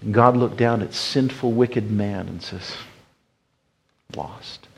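A man preaching a sermon as pastor, swinging from loud emphatic bursts to hushed, quiet passages. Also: on the low side, a little slow, gravelly, poor audio.

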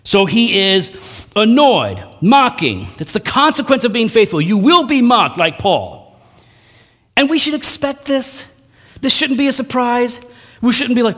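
Pastor guy preaching, lively up and down voice, jokes on himself, big hall echo. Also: very high voice, unhurried. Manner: animated, self-deprecating, acts out voices mid-sentence. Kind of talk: sermon.

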